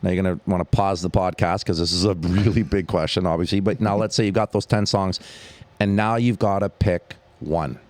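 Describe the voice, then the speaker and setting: A man with a low voice talks in a casual podcast interview. He is eager and keen, and he speaks in quick bursts, often saying 'like' and 'you know'. The sound is dry and close, with no room echo. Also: fairly even intonation. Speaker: charity founder and music teacher, guest.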